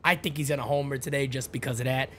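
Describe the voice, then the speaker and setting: A middle-aged man hosting a live stream, chatting casually and calling out viewers' names with loud, high-pitched greetings. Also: fast. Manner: animated, jumps high and loud when greeting viewers by name.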